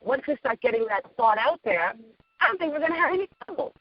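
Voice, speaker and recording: A woman with a husky voice in casual interview chat, earnest and opinionated. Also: sits high, very animated, fast talker, dry recording. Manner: earnest, opinionated, agreeing often. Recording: dry, dull lo-fi audio.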